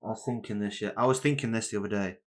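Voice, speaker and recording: A man's voice: fairly low pitch, steady tone, racing. A young man co-hosting a podcast in casual chat, rambling and slangy, swearing freely. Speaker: podcast co-host.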